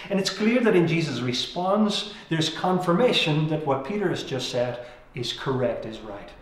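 Earnest preacher guy, fairly high voice, drops low at the ends of lines, big echoey room. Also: lively intonation, normal speed. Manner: earnest, reflective, voice sinks at the end of key phrases. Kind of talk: sermon.

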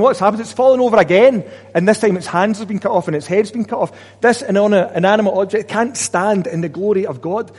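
A man's voice: high voice, a little mellow, slightly rough, long reverb tail. A man preaching a sermon, talking conversationally and asking his listeners rhetorical questions. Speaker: pastor.

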